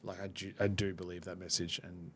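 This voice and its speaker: A man with a low, level, fairly bright voice hosts a podcast, speaking candidly and reflectively with halting, frequent restarts. There is a little hiss or hum in the recording.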